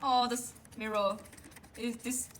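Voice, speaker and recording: Gasping, excitable woman with a bright voice. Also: fairly high pitch, a little hiss or hum, poor audio. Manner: excitable, gasps often, gushing; slow, drawn-out delivery with frequent fillers. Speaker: vlogger. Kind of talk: casual album unboxing.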